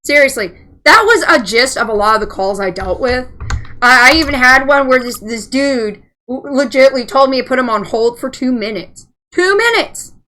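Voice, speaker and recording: Bright high-voiced woman gamer chatting. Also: moderate pace. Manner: profane, chatty, laughing. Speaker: let's play gamer. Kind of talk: casual storytelling while gaming.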